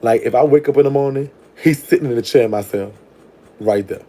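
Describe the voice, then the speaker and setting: A young adult man with a mellow, medium-pitched voice talks fairly quickly as a vlogger telling prison stories. His crude tale is brash and casual, punctuated by laughter and trailing off into murmurs.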